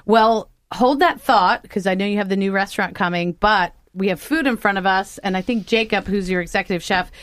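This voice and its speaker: A woman's voice: mid-range voice, fairly quick, few pauses, a bit bright, no room sound. Chatty woman hosting a studio show. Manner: enthusiastic, chatty, laughs often. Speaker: radio show host, wine expert. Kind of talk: casual interview chat.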